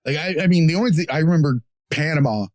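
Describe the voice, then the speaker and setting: Guy with a kinda high voice, blunt, jokey, cusses a lot, dry close mic. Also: quick pace, darkish tone, dry recording. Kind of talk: casual chat.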